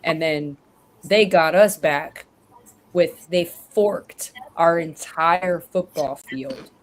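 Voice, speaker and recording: A woman's voice: sits low, drawn-out words, slight background noise. A woman in casual chat, rambling and correcting herself as she tells stories over a remote call.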